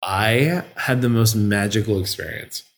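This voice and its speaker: A man with a low-pitched voice, telling a story in casual chat. He is animated and gets teary and emotional as he describes things. He sounds like he is in his thirties. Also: measured pace, gravelly. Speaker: podcast co-host.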